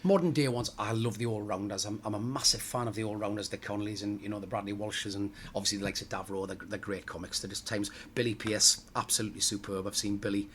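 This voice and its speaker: Middle-aged man, panto comic; rapid, jokey anecdotes in an interview. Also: fairly low pitch, steady tone, a bit bright, a little hiss or hum. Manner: chatty and jokey, laughs at his own stories. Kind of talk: casual interview chat.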